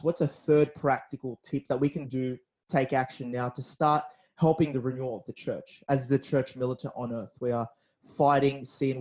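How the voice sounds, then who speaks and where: A man's voice: medium pitch, a little mellow. A young man hosting a podcast interview, earnest and practical in how he frames his questions. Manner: earnest, practical, asks guest for tips. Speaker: podcast host. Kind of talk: casual interview.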